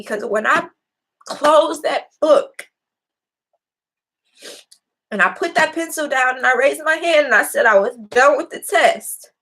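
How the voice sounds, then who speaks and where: A woman's voice: high-pitched, fairly bright tone. A young adult woman hosting her own show, giving a casual, impassioned and preachy talk to her viewers with blunt, profane language. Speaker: host. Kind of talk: casual motivational talk to a live audience.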